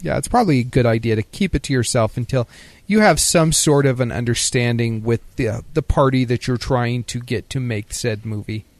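A man's voice: medium pitch, fairly quick, no room sound. A man co-hosting a casual podcast, joking and sarcastic, laughing often as he talks. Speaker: podcast co-host. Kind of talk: casual chat.

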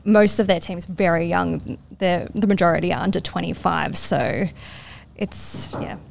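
A woman on a sports panel, speaking in a measured way and asking pointed questions. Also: on the low side, creaky, a little hiss or hum. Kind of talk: casual panel chat.

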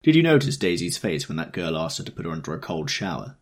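A man's voice: extremely low pitch, sing-song, fast, heavily acted. A man doing a blunt, scornful rich man.

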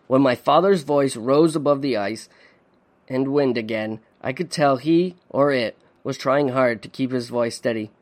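A man hosting a podcast, reading a dark story in measured, suspenseful narration. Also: mid-range voice. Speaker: podcast host.

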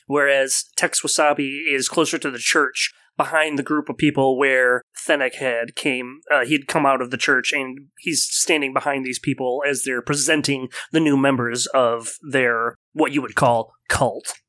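A man narrating a tabletop game as game master, in a measured, descriptive way. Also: mid-range voice, steady tone, bright, forceful tone, no room sound.

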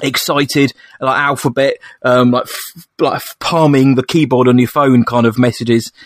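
A young man co-hosting a casual podcast chat, excitable and chatty, calling his friend "mate". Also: medium pitch, moderate pace, no echo, studio quality. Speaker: podcast co-host.

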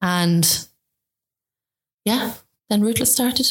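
A woman's voice: mid-range voice, extremely slow. Irish woman in her 40s, chatty, lots of acted-out quotes, interview guest. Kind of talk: casual interview chat.

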